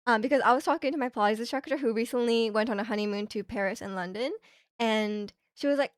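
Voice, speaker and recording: A woman's voice: fairly high pitch, fast talker, no room sound, clean studio sound. A young woman streaming from Canada, telling a rambling, chatty story full of fillers and restarts. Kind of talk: casual chat. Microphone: streaming microphone.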